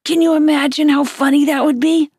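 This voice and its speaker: A woman's voice: sits high, fairly quick, no room sound, clean studio sound, voice pushed up, close to an everyday voice. A woman doing a playful joking dad. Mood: teasing. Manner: excited, teasing. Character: playful joking father, middle-aged.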